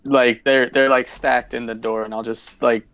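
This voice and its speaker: A man's voice: mid-range voice, flat delivery, normal speed, fairly bright tone, no room sound. Guy at a tabletop game, stumbling over words, bone dry mic. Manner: hesitant, filler-heavy, stumbling. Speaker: player. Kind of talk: casual chat at a game table.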